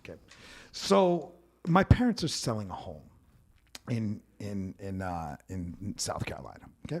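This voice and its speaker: Animated rambling male podcast host. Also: lowish voice, measured pace, breathy edge. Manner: animated, rambling, acts out family members. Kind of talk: casual storytelling chat.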